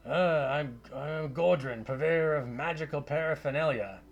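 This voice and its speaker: A man voicing a portly, swaggering wizard merchant with a Scottish accent, hearty and brisk. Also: a little high, creaky, muffled recording, voice pushed up.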